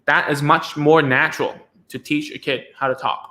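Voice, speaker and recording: A man's voice: on the high side, steady tone, normal speed, sharp tone. A man hosting a live stream as a speech therapist, talking casually with lots of restarts and tag questions like "right?" and "okay?".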